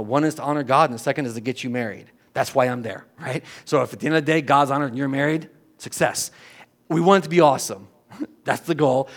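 Conversational male pastor preaching. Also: mid-range voice. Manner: conversational preaching, frequent "right?" asides and restarts. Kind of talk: sermon.

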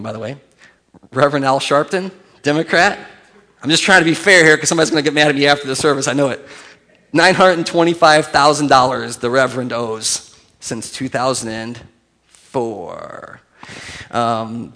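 A man's voice: medium pitch, fairly bright tone. A man preaching a sermon as pastor, conversational and joking, building to emphatic points.

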